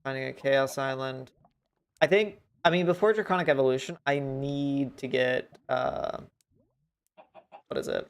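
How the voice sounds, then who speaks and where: A man livestreams a video game and thinks aloud while setting up his desk mic, which has a noise gate, rambling and mocking himself in casual gameplay commentary. His medium-pitched voice is gravelly yet clear, with a resonant tone, and he speaks expressively and unhurriedly.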